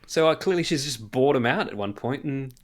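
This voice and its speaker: A man in his thirties co-hosting a podcast, chatting casually and telling animated stories about his daughter, with plenty of swearing. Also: mid-range voice, fairly quick. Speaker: podcast co-host. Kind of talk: casual chat.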